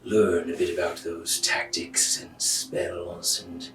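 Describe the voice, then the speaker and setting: Guy doing a snooty shadow master, talks down to everyone, low voice, roomy far-off mic, faint music. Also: completely flat delivery, slow pace, sharp tone, exaggerated voice. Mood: lecturing. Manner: condescending and lecturing. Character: haughty, proud male shadow master adventurer.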